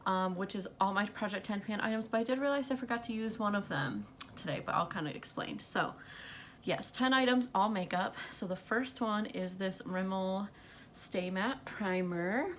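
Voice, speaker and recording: A woman's voice: mid-range voice, moderate pace, a bit bright, slight background noise. A young woman who is out of breath, chatting casually about makeup to her camera at night, rambling with lots of fillers and frequent little laughs. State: out of breath from pregnancy. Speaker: beauty vlogger. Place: bedroom at night under bright light.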